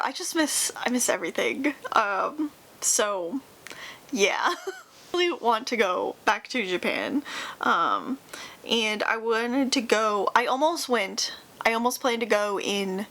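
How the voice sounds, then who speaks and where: A young woman chatting on her own channel in a loose, rambling way, full of fillers and half-finished thoughts. Her voice sits a little high, and she sounds wistful and nostalgic, close to tears at times. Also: fairly bright tone. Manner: rambling, lots of fillers and trailing restarts. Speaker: YouTuber. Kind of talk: casual chat.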